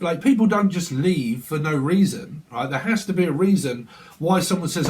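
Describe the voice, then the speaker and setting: A man talks through a tarot spread in a loose, rambling way. He is blunt and profane and sits at home, slightly higher-pitched than most men. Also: lively intonation, moderate pace, darkish tone. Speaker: tarot reader. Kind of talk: casual tarot reading monologue. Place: at home, windy day.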